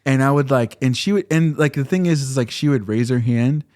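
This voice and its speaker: Young male guest, relaxed casual storyteller, filler-heavy, mid-pitched. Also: fairly quick. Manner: relaxed, laid-back delivery with filler words. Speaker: podcast guest, singer-songwriter.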